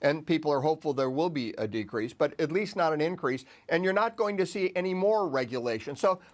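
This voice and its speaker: A man speaking as a guest on a live business news show, making his case in an earnest, steady way with a few restarts. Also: on the high side, brisk. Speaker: guest commentator. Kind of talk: live TV interview.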